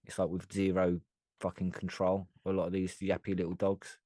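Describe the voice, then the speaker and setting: A British man with a very low, deep voice chats casually as a podcast co-host. He is blunt and opinionated and swears freely. The sound is close and dry. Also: completely flat delivery, moderate pace, mellow, no room sound. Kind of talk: casual chat.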